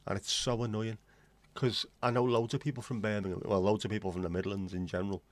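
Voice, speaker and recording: A man's voice: fairly low pitch, level tone, quick pace, no echo. A man in his forties from England, chatting casually as a livestream host, opinionated and blunt, rambling from one aside to the next. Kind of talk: casual chat.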